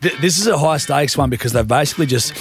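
A man's voice: a little high, quick pace, soft background music. A man with an Australian accent, hosting a radio show in casual, joking, matey banter. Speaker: radio host.

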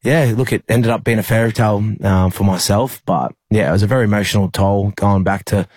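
In this interview clip, a young Australian man who plays rugby league recounts something from his own life, halting often and restarting with plenty of fillers. The voice sits lowish with a slightly mellow, breathy edge, and there's no room sound.

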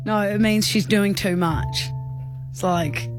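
A woman's voice: mid-range voice, steady tone, takes it slowly, over music. A woman hosting a radio show, bantering and quizzing her co-host with a giggly, teasing manner.

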